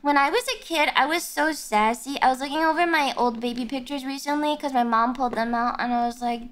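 A woman's voice: high voice, fairly quick, hardly any pauses, fairly bright tone. A woman streamer chatting casually on a live stream, giggly and self-mocking, often bursting into squeals.

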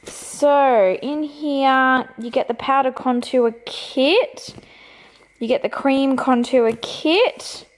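A young Australian woman vlogging casually to a handheld camera, gushing and excitable, laughing often. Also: sits high, takes it slowly. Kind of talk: casual vlog chat to camera. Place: car, then home.

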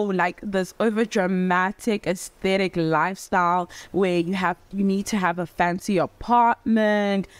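A young woman talking casually to camera in a vlog, theatrical and animated, talking with her hands and dotting her speech with "like". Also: medium pitch, no room sound. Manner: chatty, full of "like" fillers. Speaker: vlogger. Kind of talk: casual reflective vlog talk.

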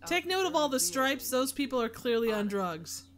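A woman's voice: sits high, animated, normal speed, a bit bright. A woman in casual comedic commentary, reacting with giggles and exclamations.

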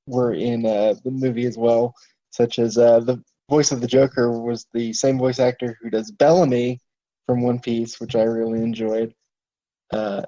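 A man's voice: mid-range voice, mellow. A man co-hosting a podcast in casual chat, laid-back and easygoing. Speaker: podcast co-host. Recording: muffled lo-fi podcast audio.

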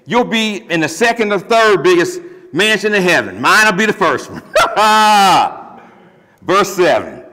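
A man preaching a sermon as pastor, emphatic and lively with joking asides, then leading a closing prayer. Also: sits high, measured pace. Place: church sanctuary. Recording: long reverb of a church hall.

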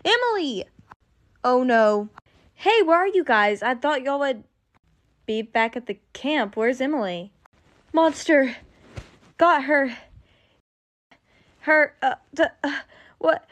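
High-voiced young woman, unhurried. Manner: dramatic teen dialogue, excitable. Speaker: voice-over storyteller. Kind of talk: acted cartoon story voicing all roles.

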